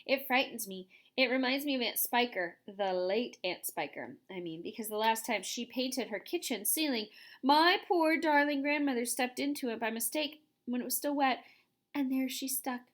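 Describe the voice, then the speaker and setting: A prim, dramatic lady spider played by a woman tells a rambling tale in a genteel, long-winded manner. Her voice sits a little high, and this is a storybook creature. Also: normal speed, lightly acted. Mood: mournful.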